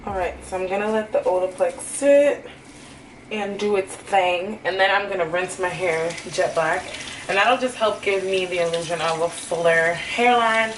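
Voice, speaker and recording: A woman's voice: fairly low pitch, normal speed, recorded from a distance, a little hiss or hum. Chatty young woman in echoey room. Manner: candid, chatty, peppered with "like". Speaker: hairstylist and vlogger. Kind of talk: casual chat to camera. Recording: roomy echo, faint music.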